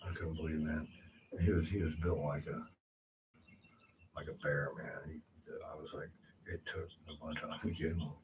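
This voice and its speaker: A man casually telling rambling personal stories to the camera, swearing freely and filling pauses with "you know" and "man.". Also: extremely low pitch, level tone, distant mic, slight background noise, rough recording. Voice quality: rambling, profane, lots of fillers. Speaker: vlogger. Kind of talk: casual storytelling monologue.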